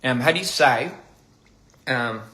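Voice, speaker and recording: Man, casual live-stream host, bright voice, mid pitch, playful, halting repeats, eating a meal. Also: animated. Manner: playful, halting, repeats phrases while practicing pronunciation. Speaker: livestream host.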